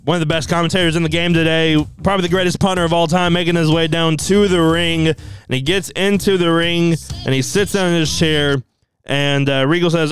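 A man casually recounting an imagined wrestling show in an excitable storytelling manner. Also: on the high side, clean tone, dry recording. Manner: excitable, quick, laughs as he tells it. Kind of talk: casual fantasy wrestling recap.

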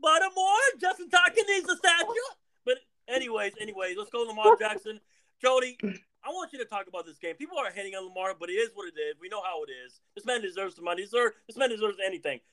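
A man's voice: high-pitched, fast, a bit bright. A man hosting a casual sports chat, hyped and repetitive, tossing in "bro". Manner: hyped, repeats himself, says bro. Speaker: podcast host.

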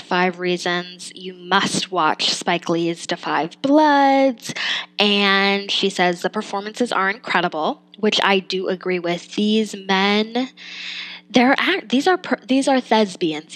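A woman's voice: mid-range voice, fairly bright tone, rough recording. A young adult woman hosting a podcast, giving a casual spoken film review, chatty and thinking aloud, laughing and trailing off between points.

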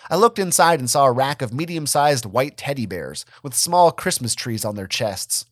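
A man's voice: mid-range voice, normal speed, dry recording, clean studio sound. A man giving a dramatic first-person reading of a story. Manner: expressive, dramatic. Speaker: reader.

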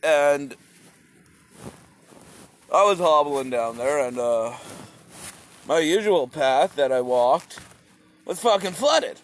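A man's voice: a little high, expressive, slow pace, pauses often, slight background noise. A man talking in a rambling, profane philosophical monologue, repeating his phrases as he goes.

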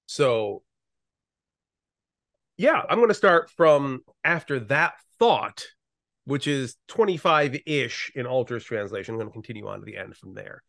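A man's voice: medium pitch, sing-song, unhurried, gravelly, fairly bright tone, dry recording, studio quality. Irreverent, ranty male pastor. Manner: irreverent, ranty, swears casually. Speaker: pastor and podcast co-host. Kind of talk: casual Bible study podcast with scripture reading.

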